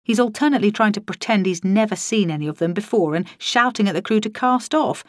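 A harried young man, played by a woman reading a novel reports back in a brisk, joking, excitable way. The sound is close and dry. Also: medium pitch, dry recording, close to an everyday voice. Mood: excited.

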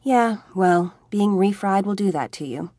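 A dry, teasing young vampire woman, as a woman narrator plays her. She talks with amused calm and a lively rise and fall. The sound is close and dry. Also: mid-range voice, unhurried, no room sound.

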